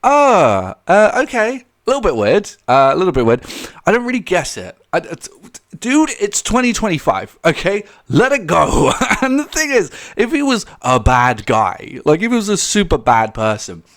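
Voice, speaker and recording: A young commentary YouTuber rambles casually on a vlog, laughing often, mocking quoted voices, and restarting sentences with many fillers. His voice is a little high and moves at normal speed.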